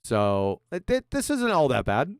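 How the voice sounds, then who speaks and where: A man heckling a video with sarcastic, profane jabs. His voice is smooth and clear, and it swings widely in pitch. The sound is dry and close. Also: wildly swooping pitch, measured pace, no room sound. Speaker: host reacting to a video. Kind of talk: mocking commentary over a clip.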